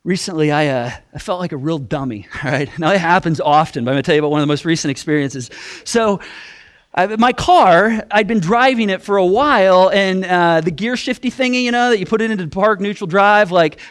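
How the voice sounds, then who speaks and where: A man preaching a sermon, telling a self-deprecating story in an animated way, with many restarts. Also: high-pitched, brisk. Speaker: pastor.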